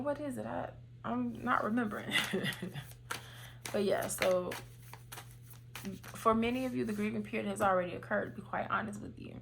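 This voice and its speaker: Gravelly-voiced woman doing a tarot reading. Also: mid-range voice, fairly bright tone, a little hiss or hum. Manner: meandering, searching for words, frequent fillers. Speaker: tarot reader.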